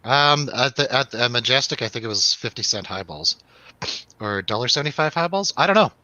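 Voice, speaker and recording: A man's voice: medium pitch, expressive, a little fast, bright, forceful tone, dry recording, lo-fi sound. A man hosting a radio show, telling a rambling, laughing, swearing story in a casual chat.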